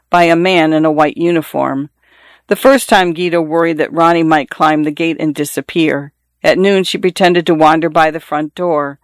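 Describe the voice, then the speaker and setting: An audiobook narrator reading literary fiction in a measured, even storytelling voice. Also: medium pitch, no echo, studio quality.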